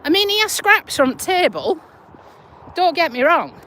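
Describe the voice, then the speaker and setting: A woman's voice: very high voice, sing-song, normal speed, fairly bright tone, a little hiss or hum, low-quality recording. A woman chatting casually on a live stream while walking her dog outdoors, speaking into a handheld phone in a down-to-earth way with some swearing. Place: outdoors on an urban walk. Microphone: phone held in hand.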